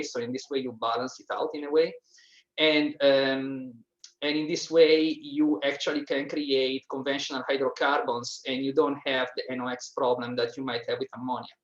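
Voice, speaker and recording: Man giving a hesitant technical answer. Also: mid-range voice. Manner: thoughtful, hesitant, explanatory. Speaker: workshop panelist. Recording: roomy, dull lo-fi recording.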